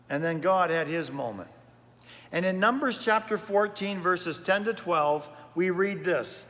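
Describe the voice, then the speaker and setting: A man's voice: high-pitched, a little slow, fairly bright tone, big-room sound. A man pastor preaching a sermon in a chatty storytelling way, often repeating words as he goes. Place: church.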